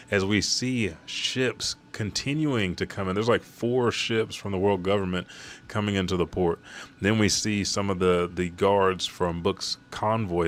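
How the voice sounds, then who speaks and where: A man's voice: low-pitched, a bit bright. A man casually recapping a manga chapter, rambling and swearing as he goes.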